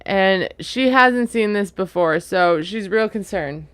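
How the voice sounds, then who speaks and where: Smooth-voiced chatty woman recapping TV. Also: mid-range voice, expressive, takes it slowly, no echo. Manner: chatty and opinionated, frequent laughs. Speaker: reality TV recap vlogger. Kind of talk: casual recap commentary.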